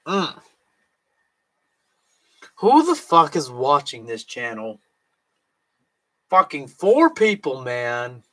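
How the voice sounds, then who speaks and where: A man's voice: medium pitch, huge pitch swings, very slow, pauses often, sharp tone. A drunk young man chatting casually on a late-night livestream, swearing, slurring and laughing to himself. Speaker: streamer.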